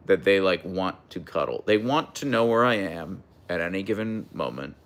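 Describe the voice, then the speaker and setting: A young man hosting a casual livestream, chatting and reading out viewer comments in a relaxed way. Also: low voice. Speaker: livestream host reading chat. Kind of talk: casual live chat.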